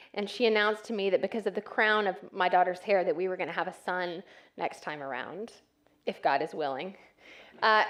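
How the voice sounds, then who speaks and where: Woman, 30s, from West Texas, church speaker; chatty and self-deprecating, leans on ums. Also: mid-range voice. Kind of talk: conversational talk to an audience.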